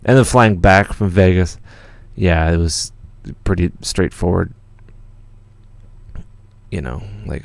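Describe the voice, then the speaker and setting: A young Canadian man with a low, gravelly voice, casually chatting on a livestream from his home studio. He rambles through stories with plenty of fillers and the odd curse. The sound is dry and close, with no room echo. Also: normal speed. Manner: rambling, laid-back storytelling with many fillers and swearing. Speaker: music producer hosting a live Q&A stream.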